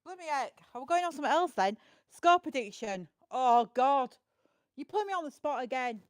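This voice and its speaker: A woman's voice: high voice, expressive, moderate pace, no room sound, studio quality. A woman with a Yorkshire accent chatting casually as a podcast regular, blunt and jokey. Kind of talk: casual chat.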